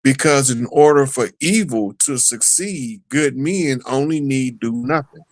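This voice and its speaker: A man's voice: mid-range voice, unhurried, no echo, low-quality recording. A man appearing as a guest on a talk show, speaking in a loose, rambling, conversational way. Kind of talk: casual talk show chat.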